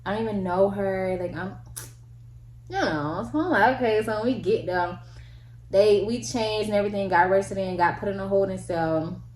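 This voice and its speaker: A young woman telling a casual storytime, slangy and animated, acting out the people in it with big jumps in pitch. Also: moderate pace, background noise. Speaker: vlogger. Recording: echoey room with faint ambience.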